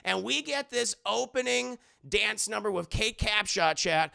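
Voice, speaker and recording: Gravelly, bright-voiced man streamer. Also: high voice, moderate pace, few pauses. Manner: rambling, profane, keeps addressing chat. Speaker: movie reviewer and livestreamer. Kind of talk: casual livestream movie review.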